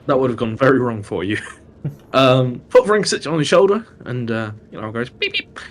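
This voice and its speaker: A man's voice: mid-range voice, very animated, moderate pace. A man playing in a tabletop game, describing his actions hesitantly with many ums. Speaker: player. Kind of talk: casual tabletop chat.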